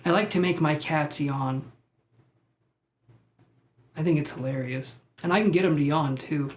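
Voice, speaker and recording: A man's voice: fairly high pitch, measured pace. A chatty man on a live tarot stream, talking loosely and wandering from thought to thought. He answers viewer comments in an easygoing, unscripted way, picked up by a simple streaming mic.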